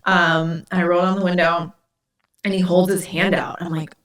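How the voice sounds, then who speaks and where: A woman's voice: fairly low pitch, level tone, normal speed, fairly bright tone. A woman from Indiana hosting a podcast, telling stories in a casual, chatty way full of "like" fillers. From Indiana, USA. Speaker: podcast host. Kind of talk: casual storytelling chat.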